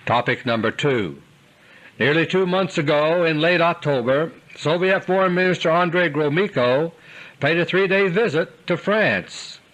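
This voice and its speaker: A man reading a scripted political commentary in a grave, deliberate manner, dropping low at the ends of his sentences. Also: fairly bright tone, rough recording. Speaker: commentator delivering an audio newsletter.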